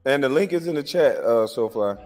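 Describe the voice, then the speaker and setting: A man's voice: mid-range voice, animated, fairly quick, a little mellow, in a large hall, soft background music. A man hosting a livestream, reacting to clips in a casual, incredulous and lecturing way with lots of rhetorical questions. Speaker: livestream host.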